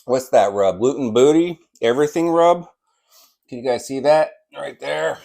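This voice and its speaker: A man hosting a barbecue vlog, slicing and tasting brisket, enthusiastic and sometimes talking with his mouth full. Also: mid-range voice, gravelly, dark tone. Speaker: barbecue channel host. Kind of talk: casual cooking vlog while slicing and tasting.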